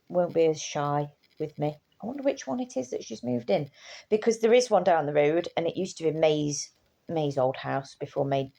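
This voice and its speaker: Tired woman vlogging; low, dark, gravelly voice, loose and chatty. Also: dull audio. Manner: chatty, swears casually, trails off and restarts. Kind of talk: casual rambling chat.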